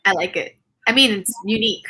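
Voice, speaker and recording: A woman's voice: medium pitch, fast, background noise. A woman chatting casually as a guest on a live makeup stream over a video call, giggling often and trailing off mid-sentence. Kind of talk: casual chat.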